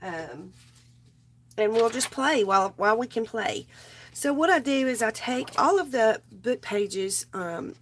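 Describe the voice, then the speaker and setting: A woman's voice: a little high, animated, measured pace, a bit bright, a little hiss or hum. Woman, craft live host, sick and strained, loose chatty rambling. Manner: rambling, greets viewers by name. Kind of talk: casual live chat while crafting.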